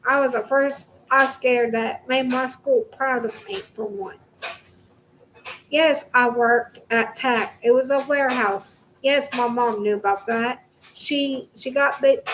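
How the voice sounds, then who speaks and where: A woman's voice: a little high, fairly even intonation, measured pace, fairly bright tone, slight background noise, poor audio. A young woman ranting straight to the camera at home, heated and full of swearing, repeating herself as she goes. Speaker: vlogger. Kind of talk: angry direct-to-camera rant.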